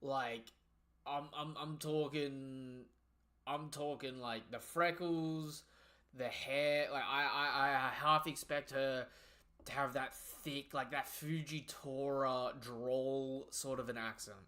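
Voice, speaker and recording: A young man hosting a live manga reaction, excitable and slangy, often breaking off and restarting mid-sentence. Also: mid-range voice, takes it slowly.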